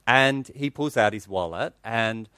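A man's voice: on the low side, unhurried, bright, forceful tone, clear, resonant tone, no room sound. A male pastor, giving an earnest, conversational sermon in a church that includes a personal story.

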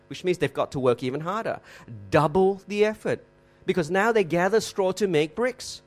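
Guy preaching a sermon, really animated, leans hard on key words, asks the crowd questions. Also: high voice. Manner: emphatic, slows and repeats for effect, rhetorical questions. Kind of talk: expository sermon.

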